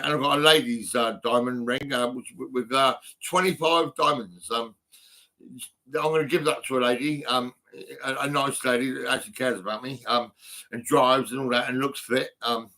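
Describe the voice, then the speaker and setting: A man talks into his phone, rambling and restarting between ums. His voice is bright and forward, and he chuckles at his own stories as he goes. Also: mid-range voice. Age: 50s. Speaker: vlogger. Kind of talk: rambling personal monologue.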